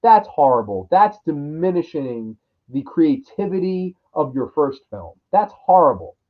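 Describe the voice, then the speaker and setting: A man's voice: on the high side, very animated, unhurried. Profane, exasperated male film reviewer. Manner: crude, exasperated, mocking impressions of characters. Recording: dull lo-fi audio.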